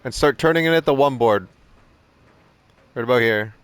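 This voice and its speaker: A man with a smooth, medium-pitched voice, speaking at normal speed without echo, coaches a sim racing driver on a live stream. He gives short driving instructions and chats casually, swearing often and repeating "you know what I mean."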